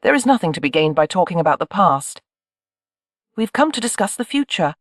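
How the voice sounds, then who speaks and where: A narrator voicing a bold, protective husband who speaks in a cool, steady, slightly mocking way. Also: medium pitch, brisk, no echo, clean studio sound.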